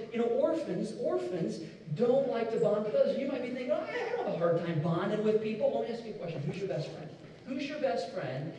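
A middle-aged man from Indiana, preaching a sermon with animated storytelling and repeated words. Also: high voice, slight background noise. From Indiana, USA. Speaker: pastor. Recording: echoey hall, distant mic.

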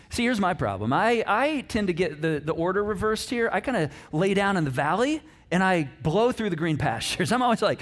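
A middle-aged man preaching a conversational sermon, animated and acting out the quotes he tells. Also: high voice, normal speed. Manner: conversational, animated, acts out quotes, frequent restarts. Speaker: pastor.

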